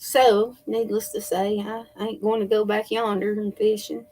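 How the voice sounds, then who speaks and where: A woman telling a personal story in a slow, halting way with many fillers. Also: mid-range voice, level tone, dark tone. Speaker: spiritual channel host. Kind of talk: casual storytelling.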